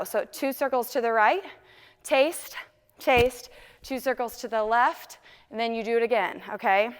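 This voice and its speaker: A woman's voice: on the high side, clear, resonant tone, long reverb tail. A young woman teaching a dance routine, counting steps aloud and cheerfully talking through each move. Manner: upbeat, counts moves aloud and sings lyric snippets. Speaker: dance instructor. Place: dance studio.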